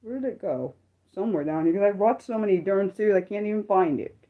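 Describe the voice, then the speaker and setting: A woman hosting an unscripted livestream, chatting and rambling with viewers and reacting loudly to the chat. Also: medium pitch, fast, narrow, tinny audio. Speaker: livestream host.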